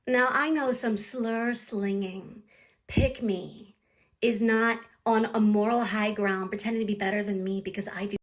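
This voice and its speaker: A woman's voice: mid-range voice, fairly even intonation, unhurried. A woman ranting in a recorded voice memo, talking down to her target in a condescending way and calling them "honey.". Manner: condescending, calls the listener "honey". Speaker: sender of a voice memo.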